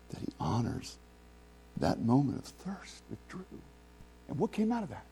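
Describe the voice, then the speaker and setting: A male pastor preaching a sermon in a conversational style, full of restarts and sudden swings between soft and loud. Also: mid-range voice, wildly swooping pitch, measured pace, vocal fry, long pauses, slight background noise.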